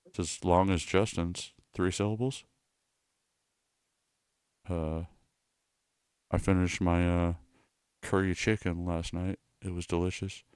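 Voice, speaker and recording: A man's voice: low-pitched, little pitch movement, takes it slowly, long pauses, darkish tone, smooth, dry recording, studio quality. A man streaming live in a casual, rambling way, reading and answering chat with self-mocking asides.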